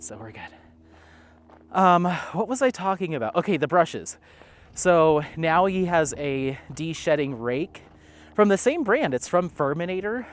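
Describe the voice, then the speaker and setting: A man vlogging at an outdoor dog park, chatting casually in a rambling way. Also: on the high side. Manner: rambling, chatty, stops often to call his dog. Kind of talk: casual chat.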